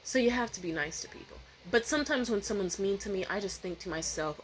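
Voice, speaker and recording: A woman's voice: medium pitch, animated, quick pace, hardly any pauses, a little hiss or hum, poor audio. A woman vlogger telling a rambling, profane, candid story in a casual way, often restarting her sentences.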